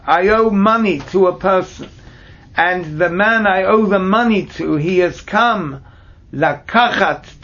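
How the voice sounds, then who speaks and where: Slow, gravelly male teacher. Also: high-pitched, a bit bright, lo-fi sound. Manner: reads short phrases of scripture, then translates and explains each. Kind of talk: Bible study lesson.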